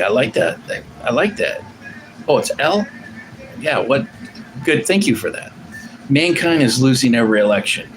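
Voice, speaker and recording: A man's voice: medium pitch, slight background noise, low-quality recording. A man hosting a livestream, giving casual political commentary in a rambling, emphatic, profane way and answering viewer comments. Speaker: livestream host.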